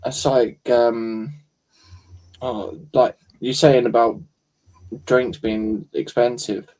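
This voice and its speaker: A man's voice: medium pitch, little pitch movement, slow, darkish tone, rough recording. Man rambling through a casual chat. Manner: rambling, searching for words. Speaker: co-host.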